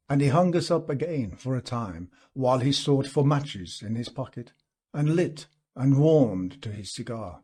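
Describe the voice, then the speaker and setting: A man reading a classic short story aloud for learners, unhurried with occasional fillers. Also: medium pitch, expressive, dark tone, breathy edge. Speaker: audiobook reader.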